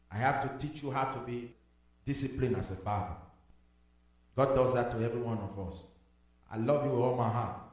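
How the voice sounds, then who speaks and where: A man preaching a sermon as pastor, shifting from soft, intimate talk to loud, fervent declarations. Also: mid-range voice, recorded from a distance. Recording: echoey hall with music behind.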